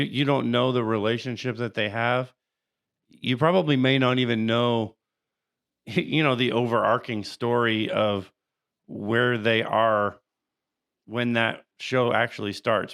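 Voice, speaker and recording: A man's voice: mid-range voice, fairly bright tone, clean tone. A man co-hosting a podcast, chatting casually about a show with lots of "you know" and restarts. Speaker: podcast co-host. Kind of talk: casual chat.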